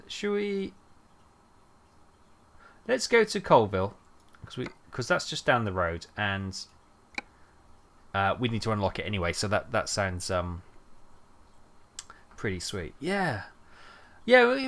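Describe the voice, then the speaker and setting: A man's voice: mid-range voice, very animated, slow, pauses often, a bit bright. A man streaming a trucking game, rambling and thinking aloud with lots of fillers. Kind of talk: casual gameplay chat.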